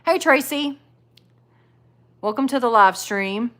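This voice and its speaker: A woman's voice: a little high, slow, pushed and bright. A woman with a Southern US accent chatting casually and bluntly on a live stream, full of "like" and "you know". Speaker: live streamer reacting to videos and chat.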